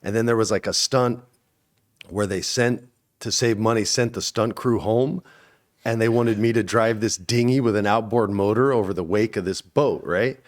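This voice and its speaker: A man in his forties, an actor as interview guest, telling stories casually and acting out quotes with sudden high bursts. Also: moderate pace.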